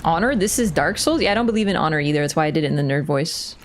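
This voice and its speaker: A young woman streaming a game live, excitable, shouting at the game and laughing often. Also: sits low, racing, slight background noise.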